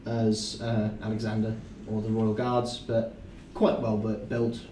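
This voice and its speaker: A man narrating as game master in a halting, descriptive way. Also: fairly low pitch, completely flat delivery, mellow, a little hiss or hum. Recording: roomy, distant mic.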